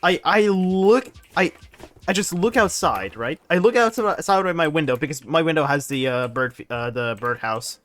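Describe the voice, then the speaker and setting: Young man, game streamer, rambling, laughs a lot, pitch swinging up and down. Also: moderate pace, no room sound, soft background music. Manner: animated, rambling, laughs often. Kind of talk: casual live-stream chat while gaming.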